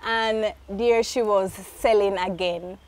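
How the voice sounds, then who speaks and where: Lively woman. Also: medium pitch, slow. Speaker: guest. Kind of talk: storytelling in conversation.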